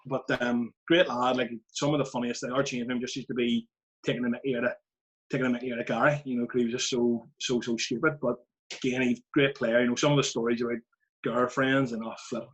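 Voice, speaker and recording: A Northern Irish football manager, a guest on a casual podcast, telling lively anecdotes and laughing at his own stories. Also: medium pitch, fast, dull audio.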